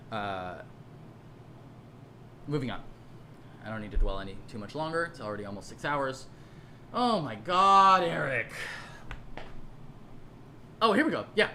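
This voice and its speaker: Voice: medium pitch, fairly bright tone, slight background noise. A creator giving a casual, sarcastic ranting commentary to camera at home, laughing often as they mock.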